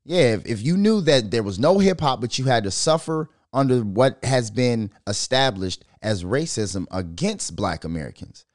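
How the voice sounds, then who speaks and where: Man, podcast host, heated profane rant, rhetorical questions, lively pitch. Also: moderate pace, few pauses, dry recording, clean studio sound.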